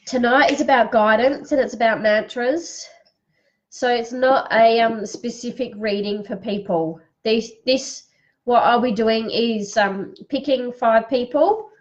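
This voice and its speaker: A woman's voice: a little high, measured pace, lo-fi sound. A woman hosting a live-streamed card reading, calling out viewers by name and reading affirmations aloud, sniffling a little. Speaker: psychic card reader.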